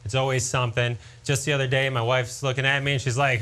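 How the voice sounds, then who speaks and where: Bright, punchy stand-up comedian man. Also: medium pitch, level tone, fast. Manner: punchy joke delivery.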